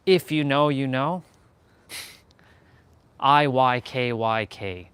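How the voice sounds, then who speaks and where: A young male fitness vlogger chats casually mid-workout, joking, swearing loosely, and repeating himself, sounding a bit winded between sets. His voice is medium-pitched, slightly bright, and smooth, delivered slowly with long pauses and no echo.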